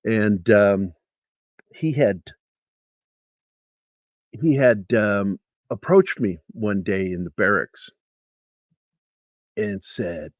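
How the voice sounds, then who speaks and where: A comic book artist shares an anecdote in a livestream interview, speaking casually with profanity and frequent restarts. His voice is lowish and very slow, with long pauses and no echo.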